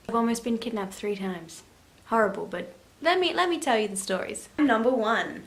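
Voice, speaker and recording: A woman's voice: fairly high pitch, moderate pace. Chatty teenage girl in an echoey room. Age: late teens. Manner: chatty, animated, laughing and swearing casually. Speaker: vlogger. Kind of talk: story time chat.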